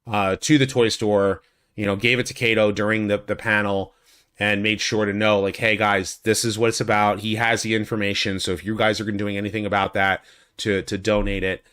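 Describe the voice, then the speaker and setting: A man recaps a fan convention for a YouTube video, talking casually into a USB studio condenser mic. His voice is fairly quick, a bit bright and clean, with little pitch movement, and he rambles with lots of restarts and "likes," acting out quotes in a much higher voice.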